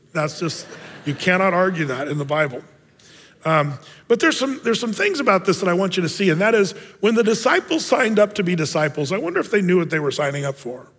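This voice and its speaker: A high-voiced man preaches in a loose, conversational way, acting out the voices of the people in his story as he goes. His voice has a husky edge, and it rings with a long echo through a large hall. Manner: casual, animated, acts out quoted voices. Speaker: pastor. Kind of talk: sermon.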